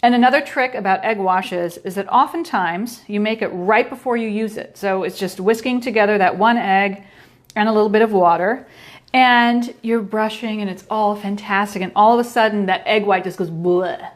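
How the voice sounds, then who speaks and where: A woman's voice: medium pitch, normal speed. A middle-aged woman hosting a baking show, giving a chatty, playful cooking demonstration with little sound effects.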